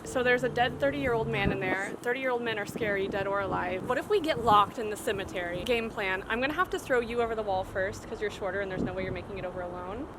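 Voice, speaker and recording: Joking woman vlogging over loud street noise. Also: medium pitch, fast, few pauses. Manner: joking, rambling banter. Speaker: vlog host. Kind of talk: casual travel vlog chat. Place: outdoors, walking city streets and a cemetery.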